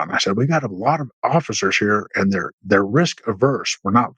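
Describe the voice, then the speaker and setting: Husky low-voiced veteran man telling stories. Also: lively intonation, a little fast, fairly bright tone, dry recording, low-quality recording. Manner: rambling anecdotal telling with many restarts and fillers; acts out quoted dialogue with raised pitch. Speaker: podcast guest, military veteran. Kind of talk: casual storytelling interview.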